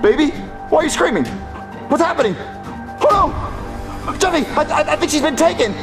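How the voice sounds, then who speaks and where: A man's voice: very high voice, expressive, brisk, gravelly, music in the background, full character voice. A man voicing an exasperated young puppet dad who stammers and repeats himself when flustered. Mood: panicked. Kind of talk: puppet comedy sketch.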